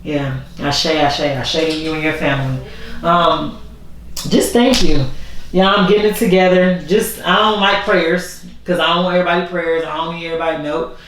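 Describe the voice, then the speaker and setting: A woman's voice: sits low, steady tone, normal speed, a bit bright, slight background noise. A woman vlogger talking casually and candidly, rambling and repeating herself as she speaks from the heart. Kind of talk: casual heartfelt vlog talk. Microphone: voice only, camera not working. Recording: very echoey room, far from the mic.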